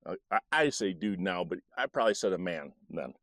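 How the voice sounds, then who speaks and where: Animated man telling a personal story. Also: deep voice, no room sound, studio quality. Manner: animated, halting recollection with restarts.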